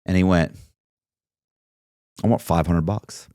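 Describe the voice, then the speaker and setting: A man with a low voice tells his story at a relaxed, conversational pace, jumping up into quoted voices as he plays out old exchanges. The recording is close and dry, with no room sound behind him. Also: slow pace, smooth, no room sound. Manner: animated storyteller acting out both sides of conversations. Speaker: podcast guest telling his story. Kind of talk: casual storytelling interview.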